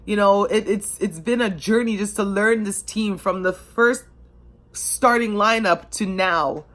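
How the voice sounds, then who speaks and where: A woman's voice: medium pitch, a little slow, fairly bright tone. A woman from Canada telling her story as a devoted sports fan in a passionate, emotional, conversational way with many fillers. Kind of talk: personal storytelling to camera.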